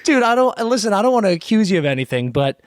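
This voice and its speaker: A young man with a notably high voice banters on a podcast, teasing and incredulous, laughing and swearing as he needles his co-host. The sound is dry and close-miked. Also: sing-song, quick pace, dry recording. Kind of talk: casual chat, teasing banter.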